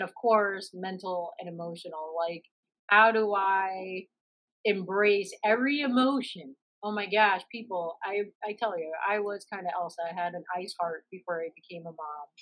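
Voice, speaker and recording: A woman in her thirties in casual conversation, telling stories in an animated way and often laughing. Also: medium pitch, poor audio.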